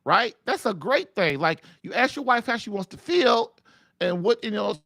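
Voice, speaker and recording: A man with a high, gravelly voice talks listeners through marriage advice. He leaps up and down in pitch as he coaches, and his folksy, emphatic delivery loops back on itself with lots of "like". The recording is dry and close. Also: lively intonation, moderate pace, pushed and bright, no room sound. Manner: emphatic, folksy coaching, repeats himself and says "like" often. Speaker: host of a call-in marriage advice show. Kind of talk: animated advice monologue.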